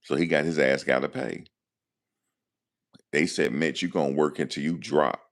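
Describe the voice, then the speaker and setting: A man's voice: rumbling low, steady tone, moderate pace, gravelly. A man hosting a live stream, chatting casually and jokingly. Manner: loose, joking, talks back to chat. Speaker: livestream host. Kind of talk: casual commentary to live chat.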